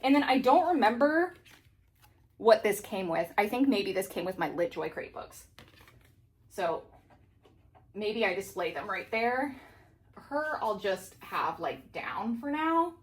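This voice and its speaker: A woman's voice: mid-range voice, lively intonation, a little slow, pauses often. A woman in her thirties chatting casually to camera at home while rearranging bookshelves, giggly and out of breath, with lots of fillers. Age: 30s. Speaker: book vlogger.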